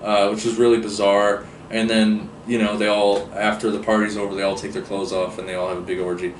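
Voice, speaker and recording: A man reviews a book casually, rambling with lots of fillers and restarts. His voice is fairly low, flat, and brisk. The recording has a roomy echo, a distant mic, and faint hiss.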